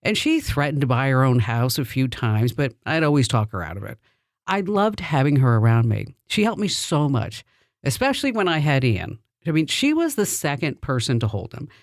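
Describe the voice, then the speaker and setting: A woman's voice: a bass voice, very animated, moderate pace, no echo, studio quality. A middle-aged woman hosting a podcast, telling personal stories in a chatty way and laughing between lines. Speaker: podcast host.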